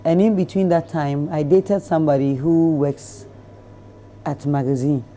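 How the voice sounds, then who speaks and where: A woman with a Ghanaian accent, a guest in an interview, telling stories about her life in a lively way and acting out the people in them. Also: low voice, unhurried, slight background noise. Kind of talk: casual storytelling in an interview.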